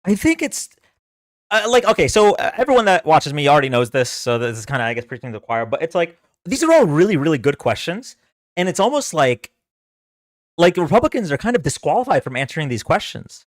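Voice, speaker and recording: Animated man streaming reactions. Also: a little high, fairly quick, dry recording, clean studio sound. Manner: animated, rambling, talks to chat. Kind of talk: casual live reaction commentary.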